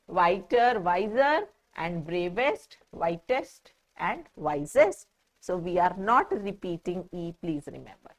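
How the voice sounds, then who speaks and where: A woman with an Indian English accent explaining a grammar lesson, patiently spelling out words letter by letter and checking understanding with "right?". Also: medium pitch. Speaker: teacher.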